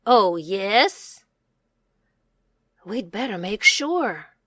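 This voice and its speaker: A woman's voice: medium pitch, big pitch swings, very slow, fairly bright tone, no echo, studio quality, full character voice. A woman doing grumpy doubting villagers. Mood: annoyed. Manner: scolding, doubting. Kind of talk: storybook reading.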